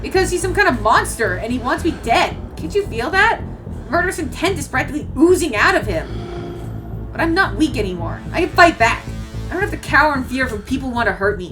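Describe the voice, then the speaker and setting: A woman streamer reading a visual novel aloud, animated and exclaiming often. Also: high voice, a little fast, music in the background. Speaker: let's play streamer.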